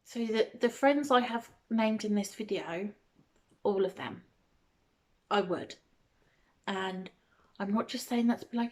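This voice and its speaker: A woman's voice: medium pitch, measured pace, darkish tone. A young woman vlogging, answering questions to the camera in a hesitant way, with many ums and restarts and small laughs. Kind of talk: casual talk to camera.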